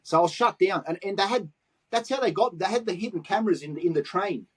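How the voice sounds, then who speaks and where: A man's voice: high-pitched, fast talker, breathy edge. A middle-aged Australian man with a Sydney accent, telling swear-laden street stories in a casual interview. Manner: swears freely, animated anecdotes in street slang. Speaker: guest, graffiti artist.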